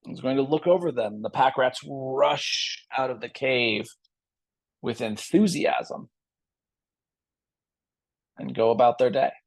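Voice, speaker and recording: Calm male yoga teacher. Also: mid-range voice, takes it slowly, vocal fry, pauses often. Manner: calm, gentle guiding. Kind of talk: guided yoga class with storytelling.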